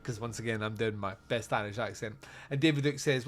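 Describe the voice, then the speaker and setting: A man's voice: medium pitch, fairly even intonation, a little fast, a bit bright. Rambling, joking man hosting a podcast. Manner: rambling, joking, many fillers. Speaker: podcast host. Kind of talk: casual film review chat.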